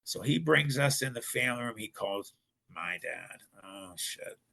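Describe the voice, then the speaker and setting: This is a casual storytelling turn from a middle-aged Ohio man guesting on a podcast, who voices other characters as he tells his tale with animation. He has a medium pitch and lively intonation, speaks a little slowly, and sounds creaky, pushed and bright.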